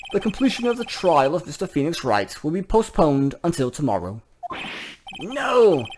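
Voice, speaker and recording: A let's player reading a courtroom game's dialogue aloud and voicing every character in turn. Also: mid-range voice. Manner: voices every character in turn, with quick asides. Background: game music.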